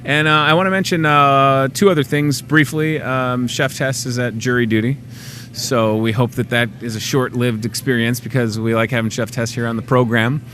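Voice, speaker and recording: A man's voice: medium pitch, fairly even intonation, normal speed, fairly bright tone, soft background music. A man hosting a local TV show in casual on-air chat, chatty and joking at his own expense. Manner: chatty, joking, self-mocking.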